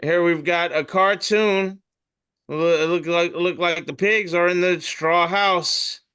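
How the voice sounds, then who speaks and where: Bright-voiced man reading memes. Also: high-pitched, steady tone, slow pace, clear, resonant tone. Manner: loose, profane, jokey; comedian. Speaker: podcast host reading memes. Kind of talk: casual comedic meme reading.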